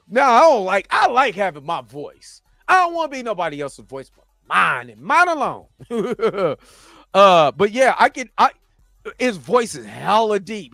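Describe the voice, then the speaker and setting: A man's voice: high voice, bright, forceful tone, no echo. A man hosting a casual livestream, reading chat and talking in a laid-back, chatty way. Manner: laid-back, chatty, often laughing and trying voices.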